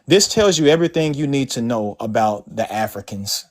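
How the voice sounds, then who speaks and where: A man's voice: medium pitch, lively intonation, normal speed, darkish tone. A man making a blunt, emphatic closing point in a live debate. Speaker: debate panelist.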